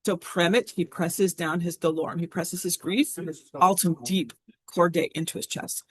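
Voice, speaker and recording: A woman's voice: fairly low pitch, steady tone, a little slow, slightly rough. A woman teaching a Latin lesson in a classroom, chatty and thinking aloud as she translates.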